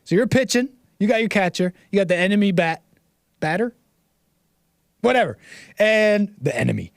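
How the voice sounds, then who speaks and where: An American man hosting a casual livestream, rambling and animated as he chats and reads comments aloud. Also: high-pitched, moderate pace, gravelly, no room sound, studio quality. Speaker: livestream host.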